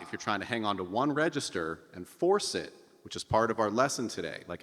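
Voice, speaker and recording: A man's voice: lowish voice, a bit bright, long reverb tail. A man coaching a singing lesson in a casual, upbeat way, breaking into nasal sung scales to demonstrate. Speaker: vocal coach.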